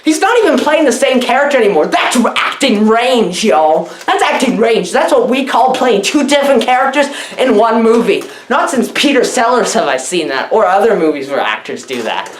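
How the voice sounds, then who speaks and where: A woman rambling through a silly comedic movie review. Her voice sits a little high, she keeps circling back to the same catchphrases with mock-serious confidence, and the room around her rings with echo. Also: big pitch swings, normal speed, few pauses, slight background noise. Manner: rambling, repeats "what? what?" and "y'all".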